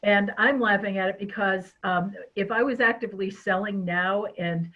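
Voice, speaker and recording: An expressive, chatty woman hosting a webinar over a video call. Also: medium pitch, normal speed, muffled recording. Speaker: webinar host. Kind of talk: casual webinar chat.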